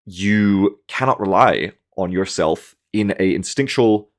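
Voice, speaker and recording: A man in his thirties giving a casual, animated game match review, swearing and acting out his own panicked reactions. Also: sits low, slow. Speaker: gaming commentator.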